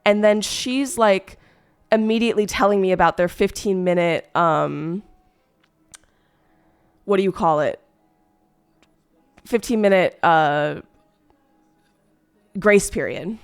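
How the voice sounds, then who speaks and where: A woman's voice: mid-range voice, takes it slowly, long pauses, clean tone, soft background music. A woman streamer who is sick, telling a story in a rambling, exasperated way with lots of fillers. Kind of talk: casual storytime chat.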